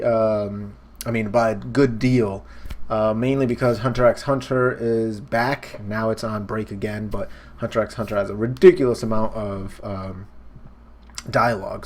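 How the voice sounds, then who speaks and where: Young man, host, casual comic reaction, excitable, swears, sound effects, middle pitch. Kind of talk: casual manga reaction commentary.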